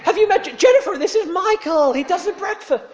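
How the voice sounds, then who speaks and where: A man voicing a loud, overly cheerful male American tourist with an American accent. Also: extremely high pitch, expressive, brisk, voice pushed up. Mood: gushing. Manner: overly cheerful, chatty, piercing. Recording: dull lo-fi sermon recording.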